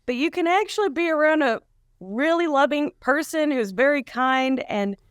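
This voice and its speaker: A woman as a guest on a comedy chat, talking calmly and gently evading questions. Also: high voice, moderate pace, no room sound, studio quality. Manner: calm, gently evasive.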